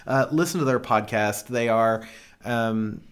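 A man's voice: mid-range voice, a little slow, smooth. A man co-hosting a podcast in casual chat, with a playful, bawdy manner and frequent laughter. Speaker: podcast co-host.

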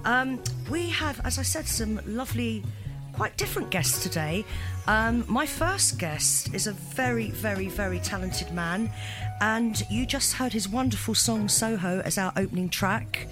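A woman's voice: mid-range voice, expressive, measured pace. A woman hosts a casual radio chat show. She talks in a chatty, giggly, rambling way. Faint music sits under her voice. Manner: chatty, giggly, filler-heavy. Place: London radio studio.

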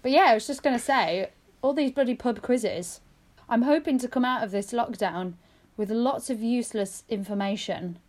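A woman, co-hosting a casual podcast chat, telling stories quickly and laughing often. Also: on the high side, a little mellow. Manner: chatty, laughing, quick storyteller. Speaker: podcast co-host.

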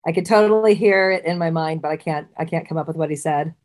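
Woman, lowish pitch, chatty podcast co-host, casual trivia banter. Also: fast, darkish tone. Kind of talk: casual chat and trivia quizzing.

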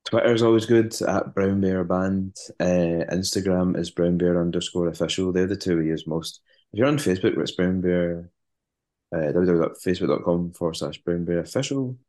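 A man, a band musician, chatting as an interview guest, halting and repeating words with many fillers. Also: low-pitched, dark tone. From West African heritage. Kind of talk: casual interview chat.

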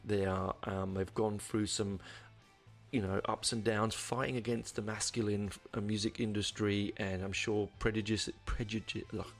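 A man with a low, gravelly voice gives a casual album review. He rambles and hesitates, with frequent ums and restarts. Faint guitar music plays quietly in the background. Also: flat delivery, normal speed.

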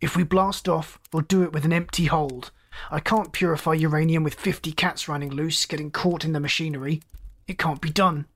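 The narrator voicing a gruff, short-tempered male chief engineer who roars and snaps orders. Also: medium pitch, steady tone, brisk, lightly acted. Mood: angry. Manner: roaring, snapping commands.

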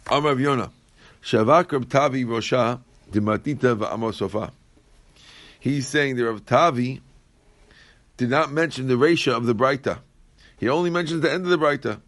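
A man teaching a Talmud class in a dry, close recording. He reads each Aramaic line and then explains it in plain English, and he often repeats phrases as he works through the text. His pitch sits in an ordinary middle range. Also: moderate pace, pauses often, a bit bright, dry recording.

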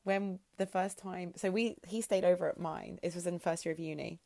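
Giggly woman with a gravelly voice. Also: fairly low pitch, steady tone, moderate pace, mellow. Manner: frank, giggly storytelling. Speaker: podcast co-host. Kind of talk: casual chat.

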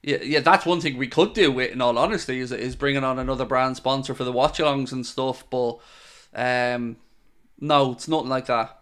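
A man's voice: medium pitch, steady tone, normal speed, a bit bright, clear, resonant tone. Chatty Irish man answering his viewers. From Ireland. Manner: chatty and frank, calls viewers mate. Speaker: host of a football fan channel. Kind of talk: live-stream chat answering viewer questions.

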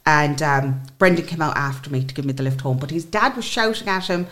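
An Irish woman in her forties, a podcast guest, telling a personal story in an emotional, animated way and acting out what others said. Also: deep voice, brisk.

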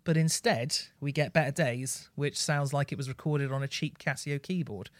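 A man's voice: medium pitch, moderate pace, no echo. Sarcastic man, dry recording. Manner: mock-formal, sarcastic. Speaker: podcast co-host. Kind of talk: casual chat, album review.

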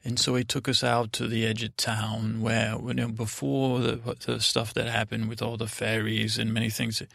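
A blunt middle-aged stepmother rambles through her tale in a drowsy, monotone bedtime drawl, as a man voices her. Her voice is gravelly with a fry at the phrase ends. The sound is dry and close, with no room. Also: on the low side, normal speed, dry recording. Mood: wry. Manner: drowsy, rambling, full of restarts. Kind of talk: slow bedtime storytelling.

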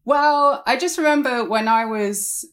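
A woman guest in a casual podcast chat, wry and understated, letting her sentences trail off softly. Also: high voice, a little slow.

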